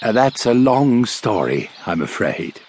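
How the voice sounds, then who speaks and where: A man voicing an eccentric, breezy, polite male time traveller, who speaks in a courteous, gentle way in an audiobook reading. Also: medium pitch, sing-song, unhurried, a little hiss or hum.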